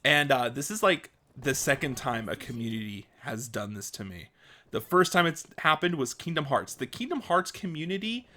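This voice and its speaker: Animated, excitable man telling a story. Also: medium pitch, normal speed. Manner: excitable, animated retelling with frequent fillers. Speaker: vlogger. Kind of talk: casual storytelling.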